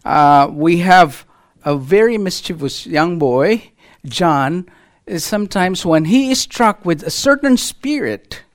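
A middle-aged male pastor preaching a sermon to his church, animated and full of rhetorical questions to the congregation. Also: high-pitched, slow pace. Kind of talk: sermon with a children's illustration.

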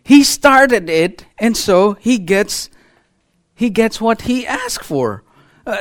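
A middle-aged man preaching from the pulpit in a higher-than-usual voice. He swings up and down in pitch as he tells his story and keeps putting rhetorical questions to the congregation. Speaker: pastor. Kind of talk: sermon with a children's illustration.

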